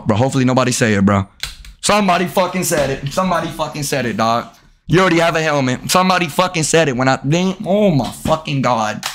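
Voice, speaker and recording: A man live-streaming a video game, cursing and trash-talking at his chat, with sudden yelled outbursts. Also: mid-range voice, a little hiss or hum. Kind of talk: casual live-stream commentary while gaming.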